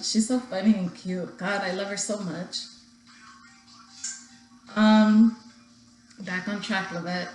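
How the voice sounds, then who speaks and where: A woman's voice: medium pitch, echoey room, rough recording. A young woman talking casually to her viewers in a personal vlog, holding back tears as she rambles. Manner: emotional, talking through tears held back. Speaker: vlogger.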